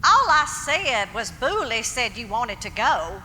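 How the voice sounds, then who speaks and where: A woman playing a proud, sharp-tongued elderly lady on stage. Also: on the high side, sing-song, a little slow, a little hiss or hum, heavily acted. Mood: prim, scolding. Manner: tart, prim scolding turning to distraught confusion. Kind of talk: live stage play. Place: theater stage. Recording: stage play in a reverberant auditorium.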